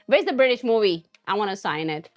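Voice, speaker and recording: A woman's voice: medium pitch, expressive, fairly quick, faint music behind. A woman hosting a cooking live stream, chatting casually and answering viewer comments with frequent laughs. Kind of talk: casual chat while cooking.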